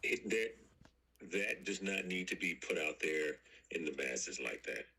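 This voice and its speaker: Low, husky man calling in. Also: expressive, measured pace, sharp tone, poor audio. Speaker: caller. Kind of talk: casual call-in discussion.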